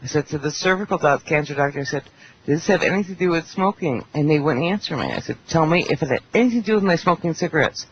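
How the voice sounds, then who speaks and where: A woman's voice: low voice, fast talker, slightly rough. A woman chatting bluntly and at length on a roundtable talk show. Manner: blunt, talkative, quotes people in animated voices. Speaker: panelist. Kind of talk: casual roundtable chat. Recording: dull internet radio with faint hiss.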